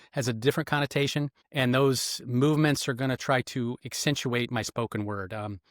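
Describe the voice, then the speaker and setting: Man, middle-aged, brisk delivery, dry close sound, instructive and animated. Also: mid-range voice, dry recording. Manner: animated, instructive, acts out quoted lines. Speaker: guest, retired federal agent and interrogator. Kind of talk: explanatory interview talk.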